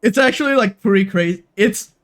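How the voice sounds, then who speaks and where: A woman's voice: mid-range voice, a little fast. A young adult woman streaming a game live, talking emotionally and swearing freely as she repeats herself. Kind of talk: live-stream gaming commentary.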